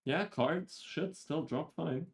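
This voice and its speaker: A man's voice: fairly high pitch, slow pace, gravelly. Easygoing male game developer on stream. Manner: easygoing, laughing often. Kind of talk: casual livestream chat.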